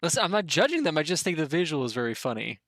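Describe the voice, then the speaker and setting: A man's voice: fairly high pitch, sing-song, very fast, fairly bright tone. A man playing a tabletop game, joking and amused in casual chat. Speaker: player.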